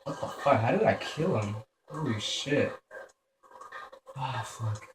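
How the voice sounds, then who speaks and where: A man's voice: medium pitch, slow pace. A man giving profane gameplay commentary. He mutters to himself and yelps in panic when startled. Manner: mutters quietly to himself between outbursts. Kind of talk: profane let's-play commentary. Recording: roomy echo with steady background noise.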